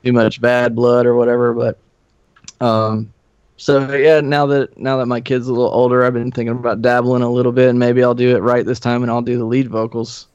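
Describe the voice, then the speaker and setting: A man's voice: medium pitch, flat delivery, fairly quick, a little mellow, smooth, no room sound. Laid-back man telling band stories. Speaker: podcast guest, former band member. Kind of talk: casual storytelling. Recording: slightly muffled dry studio recording.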